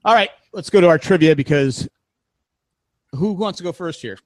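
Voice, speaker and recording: A man's voice: high voice, lively intonation, normal speed, no room sound. A middle-aged man hosting a casual podcast, telling stories with laughs and acting out what other people said. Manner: storytelling with laughs, acts out quoted voices. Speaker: podcast host.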